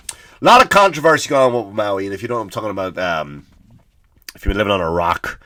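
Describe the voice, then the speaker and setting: A man's voice: mid-range voice, a bit bright, dry recording, clean studio sound. A man hosting a comedy podcast, ranting from home with blunt, profane sarcasm and lots of stammered restarts.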